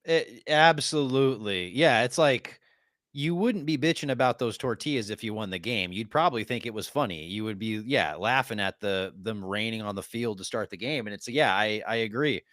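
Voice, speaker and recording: A man's voice: on the low side, expressive, moderate pace, a bit bright, no room sound, clean studio sound. A man co-hosting a sports podcast, chatting casually and agreeing in a playful way. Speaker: podcast co-host.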